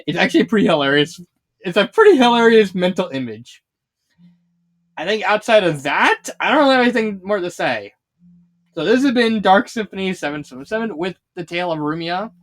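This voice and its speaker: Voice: mid-range voice, animated, brisk. A fanfiction reviewer talking casually, rambling with many restarts and fillers and laughing often while retelling scenes.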